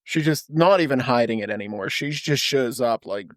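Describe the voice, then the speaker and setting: A man joking around as a podcast co-host, tossing out deadpan one-liners. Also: mid-range voice, moderate pace, no echo, clean studio sound. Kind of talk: casual podcast banter.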